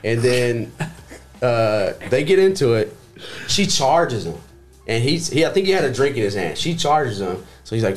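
A man's voice: medium pitch, sing-song, moderate pace. A young man from Texas telling a rowdy story in casual chat, swearing freely and acting out what people said. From Grand Prairie, Texas. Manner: rambling storyteller, swears freely, acts out quotes.

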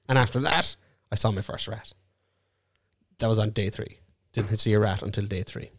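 A man's voice: fairly low pitch, normal speed. A young Irish man, a podcast co-host, telling rambling, sweary stories in casual chat.

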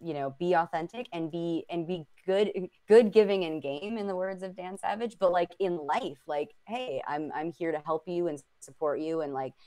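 A woman's voice: on the low side, moderate pace, hardly any pauses, dark tone. A woman co-hosting a casual talk podcast, telling stories animatedly with many fillers. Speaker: podcast co-host. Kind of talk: casual chat.

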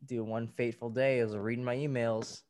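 A young man from Chicago hosting a casual chat, relaxed and friendly, laughing easily. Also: mid-range voice, a little fast. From Chicago, Illinois. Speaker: host.

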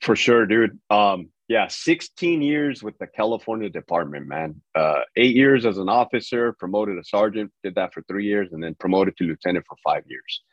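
A man's voice: on the low side, expressive, normal speed, hardly any pauses, dry recording, muffled recording. A man in his forties, a podcast guest, talking casually in a laid-back, profane way with many fillers. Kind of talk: casual interview talk.

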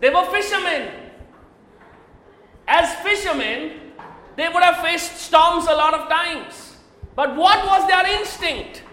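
High bright voiced preacher man, echoey hall, keeps questioning the crowd and getting loud. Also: expressive, slow, long pauses. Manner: emphatic, asks the congregation questions, often raises voice. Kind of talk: sermon.

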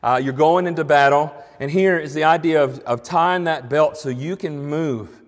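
A man delivers an earnest sermon as pastor, his voice sitting a little high for a man. He slows and lifts his voice when he reads scripture aloud. The sound carries the long reverb of a church hall.

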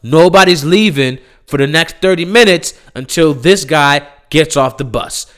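A man voicing a stern bus supervisor who lays down the law, lower than his own voice. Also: measured pace, a bit bright.

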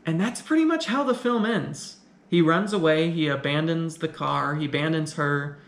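Man, casual film commentator, somewhat high voice, loose rambling delivery, echoey room. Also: moderate pace, gravelly. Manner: conversational, rambling, with frequent restarts. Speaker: film reviewer.

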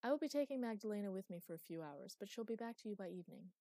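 A woman's voice: medium pitch, lively intonation, racing, dark tone, no room sound, pitched above the performer's own voice, natural voice. A woman voicing an amused, teasing immortal woman who rules a magic library, with a playfully evasive manner.

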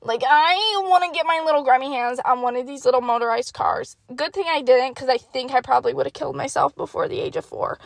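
Young woman, podcast host, high voice, gravelly fry, self-mocking, swears a lot, casual storytelling, dry close mic. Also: fairly quick, few pauses, no echo.

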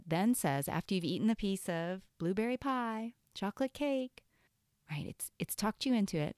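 A woman's voice: low-pitched, gravelly, warm tone, no room sound, clean studio sound. A woman coach giving an earnest teaching talk on self-care, often asking "right?".

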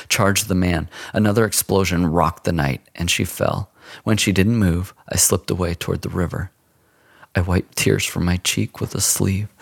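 A man narrating a first-person story in an expressive, dramatic audiobook style. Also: fairly low pitch, vocal fry, no room sound, clean studio sound.

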